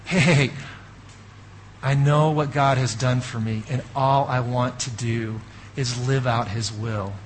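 A man preaching a sermon as a pastor, telling an animated story with asides to the audience. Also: mid-range voice, slow, a little hiss or hum, poor audio.

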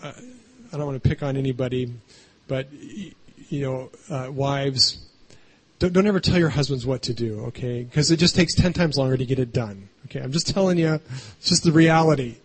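A man's voice: medium pitch, fairly quick, breathy edge. A man preaching a conversational sermon, often checking in with the congregation by asking "right?". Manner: chatty, keeps adding "right?". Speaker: pastor.

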